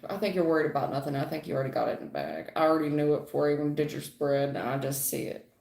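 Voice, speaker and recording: A woman's voice: low voice, lively intonation, racing, vocal fry, a little mellow, reverberant, slight background noise. A woman giving a live tarot reading, chatty and folksy, calling viewers honey and baby. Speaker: tarot reader.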